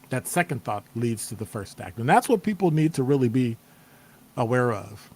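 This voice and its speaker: A man, hosting a casual motivational live stream and acting out people's reactions with playful exclamations. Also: mid-range voice. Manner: animated, acts out quoted reactions with playful exclamations. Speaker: host. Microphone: streaming setup microphone.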